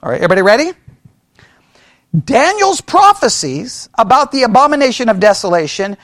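A man teaching a church Bible study in an animated way, often checking with the class and acting out the voices of people who disagree. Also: very high voice, a little fast, no echo, clean studio sound. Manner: animated, talks to the class with frequent "right?" checks; mimics opponents in mocking quoted voices.

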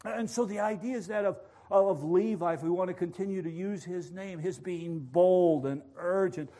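A preacher with a high voice delivering a lively sermon. He dramatizes and stresses his points with passionate urgency. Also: moderate pace. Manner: animated storytelling, passionate. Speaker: pastor.

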